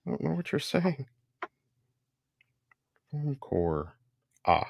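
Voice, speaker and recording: A man's voice: on the high side, sing-song, slow pace, gravelly, a little mellow, slight background noise. A man chatting casually on a livestream while making parts for a figure, sighing and complaining in a laid-back way. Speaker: co-host of a toy customizing livestream.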